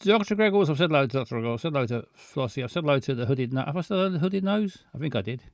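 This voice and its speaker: A man's voice: a little high, expressive, racing, dry recording, studio quality. A man hosting a live stream in casual chat, rambling along and greeting viewers by name.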